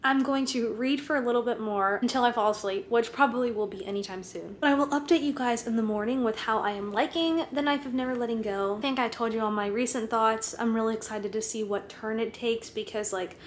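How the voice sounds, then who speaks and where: A woman's voice: on the high side, a little fast, few pauses, a little hiss or hum. Chatty young woman vlogging. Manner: chatty, many "like" fillers, giggly. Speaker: student vlogger. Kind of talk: casual vlog chat to camera. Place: home, kitchen and bedroom.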